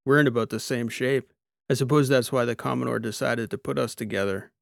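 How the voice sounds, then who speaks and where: Brief: relaxed wisecracking cyborg guy, a narrator puts him on, gravelly and dry. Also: mid-range voice, a little fast, dry recording, lightly acted. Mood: friendly. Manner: easygoing, joking. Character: half-metal male cyborg mechanic, easygoing joker.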